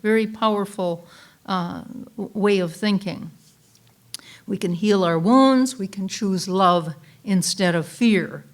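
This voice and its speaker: A woman's voice: mid-range voice, slow pace. Folksy woman reverend telling stories. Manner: folksy storytelling with personal anecdotes; warm, chatty, with frequent fillers and restarts. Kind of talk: Sunday talk sermon.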